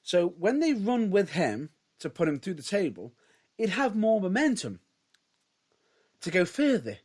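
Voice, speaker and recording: He has a high-pitched voice and a measured pace while co-hosting a podcast. The talk is casual wrestling chat, full of hedging, frequent restarts, and lively swings in pitch.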